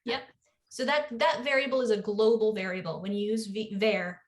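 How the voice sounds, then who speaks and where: A woman's voice: mid-range voice, steady tone, moderate pace. A woman leading an online coding workshop over a video call, upbeat and encouraging. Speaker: workshop instructor.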